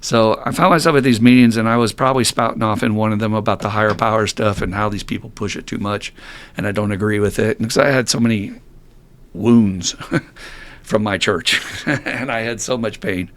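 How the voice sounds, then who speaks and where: A man's voice: on the low side, steady tone, a little fast, a bit bright. Blunt, self-mocking man telling his story. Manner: blunt and self-mocking, swears freely, laughs often. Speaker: podcast host. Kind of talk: candid personal storytelling.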